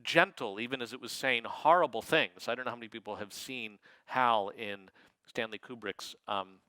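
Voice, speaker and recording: Bright, wry male lecturer. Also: mid-range voice, smooth, no echo, poor audio. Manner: wry, digressive, quick asides. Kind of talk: lecture talk.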